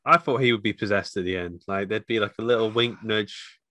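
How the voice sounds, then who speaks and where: A man co-hosting a casual film review chat, filling in plot details in a halting way. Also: fairly low pitch, bright, forceful tone, no room sound. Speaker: podcast co-host.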